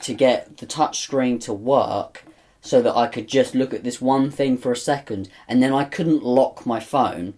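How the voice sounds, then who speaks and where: A man's voice: mid-range voice, a little slow, darkish tone. A man co-hosting a podcast, rambling in exasperation and swearing freely in casual chat. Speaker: podcast co-host.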